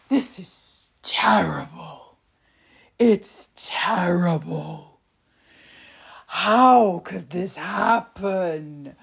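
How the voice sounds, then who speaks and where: A woman hosting a political podcast in casual, sarcastic commentary, swearing freely and laughing at her own tangents. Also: fairly low pitch.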